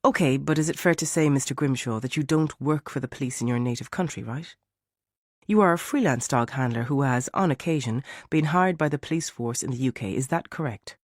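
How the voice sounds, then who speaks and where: A man's voice: mid-range voice, brisk, no room sound, studio quality, lightly acted. A man doing a pressing defence barrister. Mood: probing. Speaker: defence lawyer.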